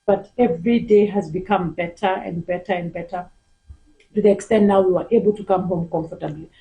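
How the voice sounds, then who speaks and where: A woman's voice: on the low side, a little fast, low-quality recording. Kenyan woman telling her story. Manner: animated storyteller, mimics other accents with laughter. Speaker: interview guest giving testimony. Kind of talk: casual conversational testimony.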